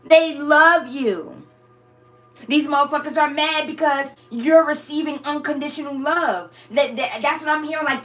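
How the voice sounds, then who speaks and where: Higher-voiced woman giving blunt tarot reading. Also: a bit bright. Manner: casual and blunt, swears freely, calls listeners "y'all" and "my babies". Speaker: tarot reader. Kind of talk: channeled tarot reading to viewers.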